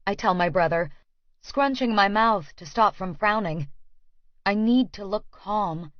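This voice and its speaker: A woman's voice: mid-range voice, a little slow, no room sound. Woman narrating a first-person audiobook. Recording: dry, slightly dull studio audio.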